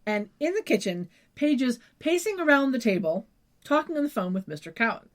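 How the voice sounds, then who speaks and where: A woman's voice: a little high, big pitch swings, a little fast. A young woman co-hosting a podcast in a slightly raised voice. She rambles through a casual recap, describing scenes in detail and dropping the odd swear word along the way. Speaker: podcast co-host.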